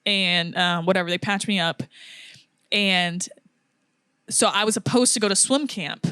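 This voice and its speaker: A young woman co-hosts a casual podcast, spinning a story with lively acted-out quotes and easy laughter. Her voice is mid-pitched and sits close to the mic with a dry, dead sound. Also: unhurried, smooth, dry recording. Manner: animated storyteller, acts out quotes, laughs often. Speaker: podcast co-host.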